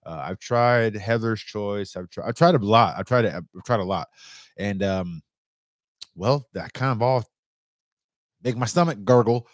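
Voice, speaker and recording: A man in his young adult years, chatting casually to his viewers as an outdoor vlogger in a loose, animated way and swearing freely. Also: on the low side, unhurried, long pauses, dry recording, clean studio sound. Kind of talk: casual chat to camera.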